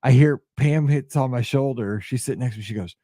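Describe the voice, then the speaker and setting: A man hosting a podcast, telling a story in a casual, excitable and openly emotional way, with lots of restarts. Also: medium pitch, brisk, dry recording, studio quality. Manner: excitable, rambling sports storyteller. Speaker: podcast host.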